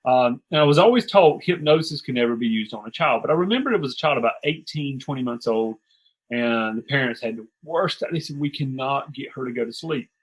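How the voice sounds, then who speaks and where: A middle-aged man, a sales coach, telling stories in an animated, chatty way with quick asides and restarts. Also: mid-range voice, slightly rough, rough recording. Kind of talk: conversational storytelling.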